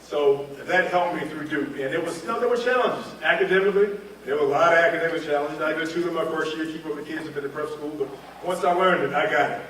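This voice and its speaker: Brief: keynote speaker, man from North Carolina, animated storyteller in a roomy hall with faint background noise. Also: a little high, fast. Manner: animated, humorous, acts out scenes. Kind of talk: storytelling speech. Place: large hall at a reunion event. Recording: echoey hall, mic far off.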